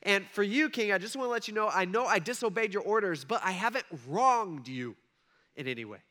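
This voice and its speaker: A man's voice: high voice, lively intonation, a little fast, pushed and bright. A man voicing a chatty ancient prophet who talks in breezy modern slang. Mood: earnest. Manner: breezy modern talk with "hey" and "all right". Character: relieved ancient male prophet, casual and chatty.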